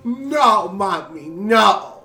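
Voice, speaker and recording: A man's voice: high-pitched, expressive, extremely slow, creaky, pushed and bright, echoey room, heavily acted. A man voicing a small boy throwing a tantrum, wailing and whining in baby talk. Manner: wailing, whiny toddler talk.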